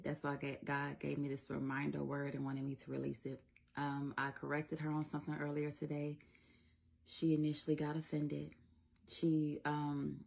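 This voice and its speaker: A woman with a low, gravelly, slightly husky voice speaks casually about faith like a reassuring mother. Her tone is mellow and earnest, and she laughs easily between thoughts. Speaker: faith content creator. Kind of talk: casual devotional encouragement.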